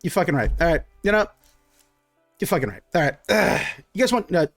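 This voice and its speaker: A man doing a nervous, greasy halfling cook in a tabletop game, fumbling through his words with uhs and stray curses. The voice is pitched up over a plain speaking voice. The sound is dry and close. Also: sing-song, brisk, no echo, faint music behind, heavily acted. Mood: flustered. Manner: hesitant, fumbling, full of uhs and sudden curses.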